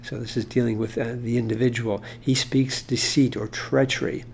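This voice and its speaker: A man's voice: medium pitch, little pitch movement, moderate pace, vocal fry, a little hiss or hum. A man explaining Hebrew grammar in an informal lesson, talking it through with fillers and restarts. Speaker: Hebrew teacher.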